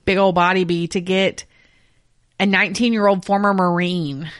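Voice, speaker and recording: A woman's voice: fairly low pitch, level tone, moderate pace, no echo. Podcast lady reading crime notes, swears in the asides, dry close sound. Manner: reads case details, then breaks off into blunt, profane asides. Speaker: podcast co-host telling the case. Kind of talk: true crime podcast chat.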